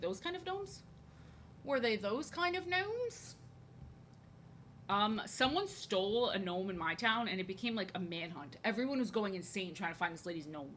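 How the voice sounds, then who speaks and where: With a medium-pitched, slightly bright voice, a young woman from New Jersey draws on a live stream and chats casually. As a streamer and artist, she rambles through fillers and restarts, speaking frankly and a little crudely, over a faint hiss or hum.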